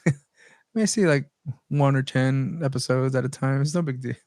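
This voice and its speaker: A man of middle pitch co-hosts a podcast in easy, casual chat. He laughs often and swears offhandedly as he reads out his notes. The sound is dry and close. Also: moderate pace, darkish tone, dry recording. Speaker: podcast co-host.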